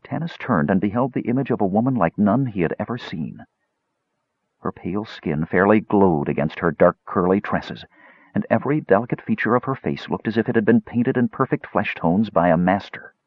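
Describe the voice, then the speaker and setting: A man narrating a fantasy story in a dramatic, expressive reading. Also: lowish voice, normal speed, husky, no echo, lo-fi sound. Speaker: audiobook narrator.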